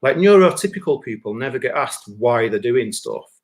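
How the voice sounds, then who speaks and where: A man's voice: mid-range voice, normal speed. A man, a musician and comedian, talking bluntly and with a lot of swearing on a live stream, acting out the voices in his stories. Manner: blunt, sweary, animated storytelling with acted-out voices. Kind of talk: casual chat on a live stream.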